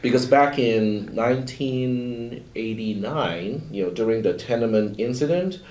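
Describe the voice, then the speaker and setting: A man's voice: medium pitch, a little slow, darkish tone. A man in his fifties from Hong Kong, a professor answering a panel question in a rambling way, with many fillers and restarts. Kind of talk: panel discussion. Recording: roomy, distant mic.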